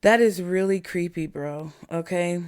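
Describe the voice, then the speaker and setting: A woman's voice: lowish voice, darkish tone, smooth. A woman vlogger giving a casual spiritual talk to her viewers, calling them y'all and child in a chatty way. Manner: slow, drawn-out delivery. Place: home indoors.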